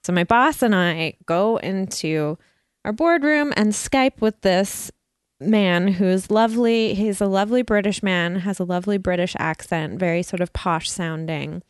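A woman's voice: medium pitch, measured pace, clear, resonant tone, no room sound, clean studio sound. Chatty self-mocking woman podcast host. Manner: chatty, self-mocking storyteller who laughs often. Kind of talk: casual chat.

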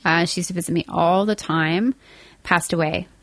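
A woman's voice: lowish voice, fairly even intonation, moderate pace, no echo. A woman in a casual chat with a laid-back, blunt way of talking.

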